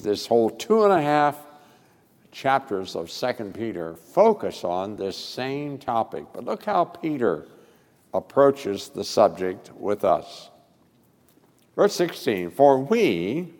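A male pastor preaching a sermon with expressive delivery and sudden loud emphasis. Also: mid-range voice, big-room sound.

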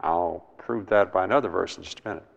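Male preacher, emphatic sermon, rough gravelly tone, long hall echo. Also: sits low, quick pace, muffled recording. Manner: emphatic, repeats words, asks the listeners questions.

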